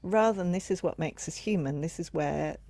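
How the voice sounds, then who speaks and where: A woman's voice: fairly low pitch, brisk, dark tone, dry recording. A woman hosting a podcast, speaking in a reflective, explanatory way with frequent affirming interjections. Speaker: podcast host. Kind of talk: casual conversational interview.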